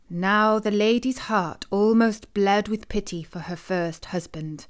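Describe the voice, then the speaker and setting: A woman storyteller with a medium-pitched voice reads a traditional tale in clear, measured, scripted narration.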